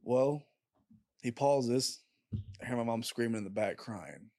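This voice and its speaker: A young man guest on a podcast, telling a story in casual chat, halting with lots of fillers and swearing. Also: medium pitch, dark tone, no echo, studio quality.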